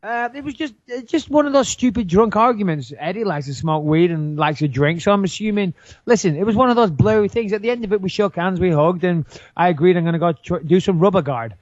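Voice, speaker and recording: A man's voice: high-pitched, fast talker, no room sound, muffled recording. A British man co-hosting a podcast in casual chat, a rambling, laughing storyteller who admits to being argumentative. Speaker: podcast co-host.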